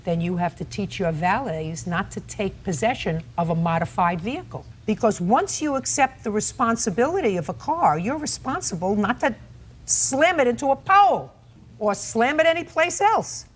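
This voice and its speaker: A woman presiding as a TV court judge, sharp and scolding, who cuts people off constantly. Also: medium pitch, lively intonation, moderate pace, breathy edge. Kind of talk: courtroom TV show. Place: TV courtroom set.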